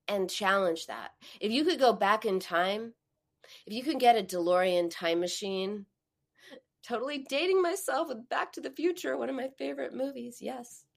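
A woman hosting a podcast, a parent who gives advice in a conversational way and tells stories with lively quoted voices. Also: medium pitch. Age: adult, a parent. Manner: animated storytelling, acts out quoted voices. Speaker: podcast host.

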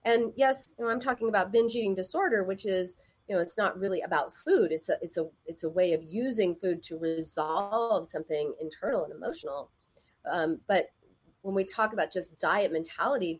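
A woman's voice: on the low side, normal speed, breathy edge. A woman therapist giving advice in a casual, conversational way, often acting out the voices of people she quotes.

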